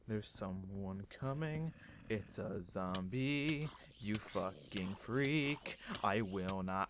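A young man doing loud, profane, melodramatic commentary over a game he is playing. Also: lowish voice, animated, slow, a little hiss or hum. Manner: loud, swearing, melodramatic outbursts. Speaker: gaming YouTuber. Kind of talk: Let's Play commentary.

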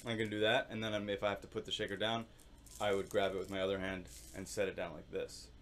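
A man's voice: deep voice, fast talker, music in the background. Man teaching percussion, sung rhythm syllables. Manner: explains calmly, with sung rhythm syllables and many fillers. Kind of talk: instructional demonstration.

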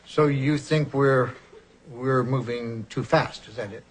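A man's voice: mid-range voice, slow pace, breathy edge. An actor playing a blunt, impatient male therapist who stammers and snaps orders, in a played TV sketch clip with audience laughter. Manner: stammering, deadpan, snapping orders.

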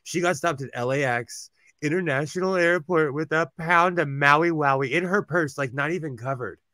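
An animated man from California, telling gossipy stories with plenty of laughs. His voice sits on the higher side for a man. The sound is close and dry, with no room echo. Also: moderate pace. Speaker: host. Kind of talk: casual chat.

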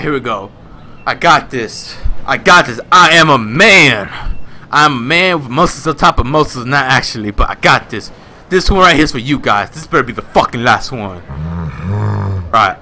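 A young man gaming at his home desk, out of breath, yelling and cursing at the game in frantic let's-play commentary. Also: medium pitch, slight background noise. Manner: yells and swears at the game, panting and cursing. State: out of breath and sweaty. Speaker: gaming YouTuber.

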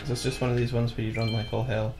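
A man with a gravelly, creaky voice chiming in with dry quips during a video game session. Game music sits clearly behind him. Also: medium pitch, little pitch movement, fast, a little mellow. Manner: wry quips. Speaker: let's play co-host. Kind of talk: casual gameplay banter.

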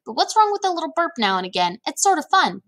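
A curious, polite little girl voiced by a woman reading aloud who presses her questions in a high, eager voice. The style is a children's storybook read-aloud. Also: big pitch swings, fast talker, fairly bright tone. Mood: playful.

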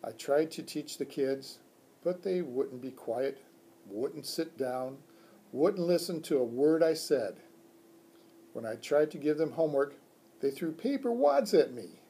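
A man playing a worn-down young substitute teacher in a storybook. He speaks slowly and earnestly, with a mellow, husky tone. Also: fairly high pitch, animated, heavily acted. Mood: weary. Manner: weary, earnest. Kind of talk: children's book read-aloud.

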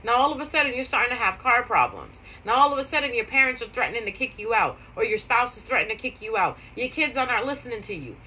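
A woman's voice: fairly high pitch, expressive, quick pace, hardly any pauses, pushed and bright, a little hiss or hum, poor audio. A woman talking casually to viewers, telling stories in a chatty way and repeating key phrases for emphasis. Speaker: spiritual vlogger. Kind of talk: casual storytelling monologue.

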